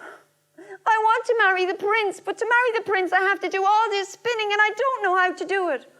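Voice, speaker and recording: A woman voicing a weepy young peasant girl, high, tearful and pleading. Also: expressive, fairly quick, pushed and bright.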